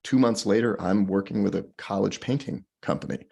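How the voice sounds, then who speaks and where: A deep-voiced man with a gravelly, husky edge recounts his story as a podcast guest. He talks in a lively, animated way and acts out the people he quotes. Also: fairly quick. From Colorado. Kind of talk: storytelling in conversation.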